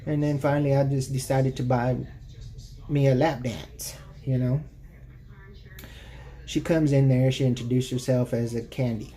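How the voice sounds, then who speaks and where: A man's voice: mid-range voice, fairly even intonation, unhurried, pauses often, dark tone. A man from Texas casually telling rambling personal stories on his channel, with many "you know" fillers. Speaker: YouTube storyteller. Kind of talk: casual anecdotal storytelling.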